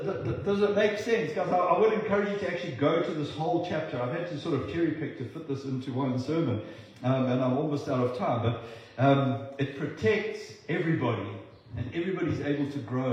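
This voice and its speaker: A man's voice: fairly high pitch, a little mellow, very echoey, poor audio. A male pastor preaching a sermon, repeating words as he restarts and acting out the voices of people he quotes.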